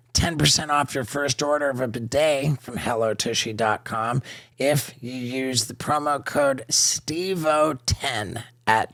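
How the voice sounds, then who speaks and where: A man's voice: medium pitch, a bit bright, dry recording. A man hosting a casual podcast chat, telling stories with lots of laughter. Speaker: podcast host.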